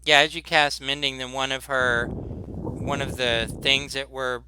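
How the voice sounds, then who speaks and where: A man running a tabletop game as game master, narrating haltingly with many restarts. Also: mid-range voice, flat delivery, heavy background noise.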